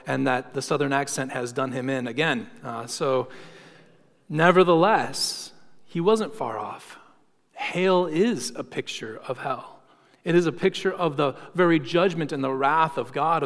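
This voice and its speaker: A man preaching a sermon, telling stories and slowing down for emphasis. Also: medium pitch, fairly bright tone. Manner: storytelling, emphatic with slowed dramatic phrases. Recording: long hall reverb.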